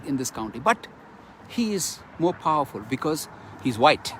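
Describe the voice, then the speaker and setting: A man's voice: on the high side, sing-song, moderate pace, sharp tone, a little hiss or hum. A middle-aged man from Kerala with an Indian English accent, giving an impassioned, emphatic testimony straight to camera and repeating phrases for force. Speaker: speaker giving a personal testimony.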